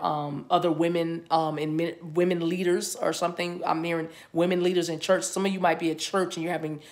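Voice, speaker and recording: Speaking on the low side, a woman who reads tarot offers a chatty spiritual reading to her viewers. Her tone is relaxed and playful, dotted with frequent laughter and little snatches of singing.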